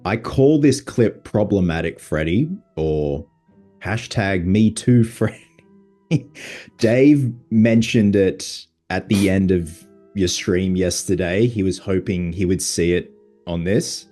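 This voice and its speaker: Deep mellow guy hosting a podcast, quick excited fan chat. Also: faint music behind. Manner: quick, chatty, enthusiastic fan talk. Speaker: podcast host. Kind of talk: casual chat.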